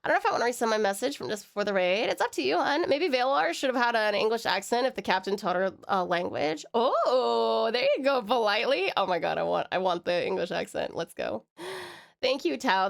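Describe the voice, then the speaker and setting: A woman from Australia with a slightly high voice chats loosely on a live stream, reading messages and rambling through restarts and fillers. She sounds giggly and loopy, with her throat a little hoarse. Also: animated, quick pace.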